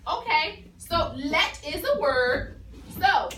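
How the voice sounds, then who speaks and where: A woman's voice: high voice, lively intonation, slow pace, sharp tone. A woman teacher giving a phonics lesson to a class, explaining patiently and encouragingly. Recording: echoey room from far off with noise.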